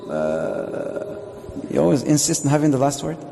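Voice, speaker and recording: A man gives a lecture as a sheikh in a mosque hall, keeping it playful and firing questions at the crowd. His voice sits fairly high. The hall adds a long reverb, with faint room noise behind him. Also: sing-song, moderate pace, vocal fry, mellow. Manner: jokey, asks the audience questions. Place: Islamic centre hall.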